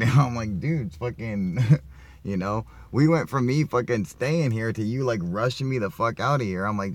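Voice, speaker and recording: A man with a lowish voice vents in a loose, rambling rant, swearing in nearly every sentence and breaking into laughs. He talks straight to his viewers from inside his van. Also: expressive, normal speed. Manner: profane, rambling, laughs often. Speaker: vlogger. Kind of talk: casual rant to camera.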